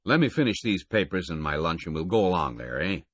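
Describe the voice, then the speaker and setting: A man's voice: low voice, sing-song, husky, no echo, highs cut off, heavily acted. George Burley, a wry, easygoing train conductor voiced by a man. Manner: drawn-out, wry, ends statements with a questioning "eh". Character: bulky middle-aged male train conductor, ironic and easygoing.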